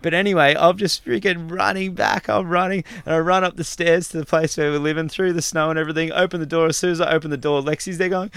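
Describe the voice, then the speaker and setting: A man in casual conversation, telling a story in an animated way, laughing often and swearing freely. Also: a little high, brisk, clean tone, no echo.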